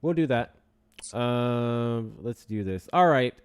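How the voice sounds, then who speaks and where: A man's voice: medium pitch, lively intonation, takes it slowly, clean tone. A man hosting a casual livestream, joking, swearing and reading out donations to the chat. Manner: profane, joking, reads out donations. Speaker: livestream host.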